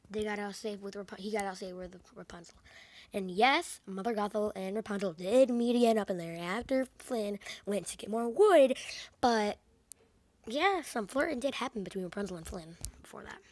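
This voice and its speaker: A woman's voice: mid-range voice, moderate pace, no echo. A woman casually recapping a movie's plot, rambling with lots of fillers and sarcastic asides. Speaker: movie reviewer.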